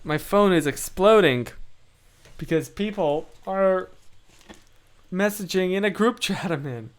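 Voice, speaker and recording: A young man hosts a casual livestream, reading comments aloud and poking fun at himself. His voice sits high, and he talks in an unhurried, relaxed way. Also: a little hiss or hum. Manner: playful, self-deprecating, chatty. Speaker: livestream host.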